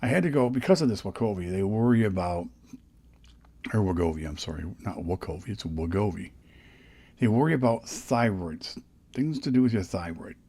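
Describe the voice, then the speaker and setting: A man's voice: on the low side, big pitch swings, fairly quick, mellow, slightly rough. Chatty older man rambling into a mic. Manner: rambling, chatty, frequent restarts. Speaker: podcast host. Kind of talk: casual vlog storytelling. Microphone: dynamic studio microphone.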